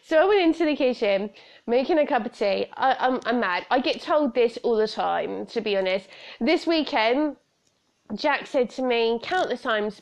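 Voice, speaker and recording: A woman's voice: a little high, moderate pace, vocal fry. A British woman in her thirties hosting a solo podcast, chatty and rambling, often breaking into laughter. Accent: British English. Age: 30s. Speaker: podcast host. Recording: slightly dull lo-fi sound.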